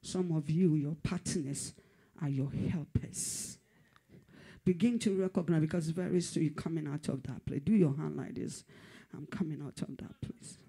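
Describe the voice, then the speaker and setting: A man's voice: on the high side, normal speed, vocal fry, dark tone, slightly rough. A man preaching a fervent prophetic sermon, repeating phrases and at times dropping to a whisper. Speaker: pastor.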